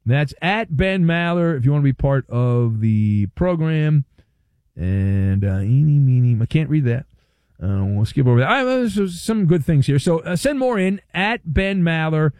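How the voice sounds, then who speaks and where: A man's voice: on the high side, big pitch swings, normal speed, darkish tone, no echo. A man hosting sports talk radio, delivering a playful, wry monologue with hammy emphasis.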